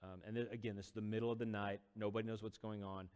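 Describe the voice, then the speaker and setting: A man's voice: fairly low pitch, flat delivery, quick pace, a little mellow, clear, resonant tone, in a large hall. A man casually retelling a scripture story as a lesson, conversational and loose, with fillers, sometimes acting out the quoted lines.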